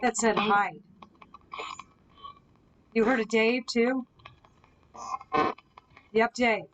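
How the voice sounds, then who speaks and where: A woman with a somewhat high voice runs a live spirit box session from indoors at someone else's home. She talks calmly and patiently, asking the spirits questions one after another. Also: very slow, poor audio. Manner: calm, coaxing questions to spirits. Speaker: ghost hunter host.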